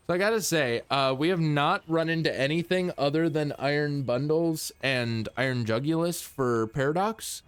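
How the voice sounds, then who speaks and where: A man's voice: on the high side, lively intonation, measured pace, clean tone. Laid-back man streaming a game. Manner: laid-back, swears, laughs, talks to chat. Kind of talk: casual gameplay commentary.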